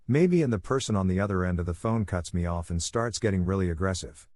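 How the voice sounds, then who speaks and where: Low-voiced man reading stories aloud. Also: animated, normal speed, darkish tone, no echo, studio quality. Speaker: narrator reading online posts. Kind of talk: scripted narration of reader stories.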